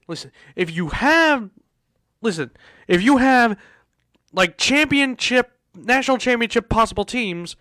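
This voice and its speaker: Guy hosting a sports show, fired up and ranting, says stuff over and over, pretty high voice. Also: sharp tone, dry recording. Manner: exasperated ranting, repeats himself. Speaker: host. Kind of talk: casual sports talk show.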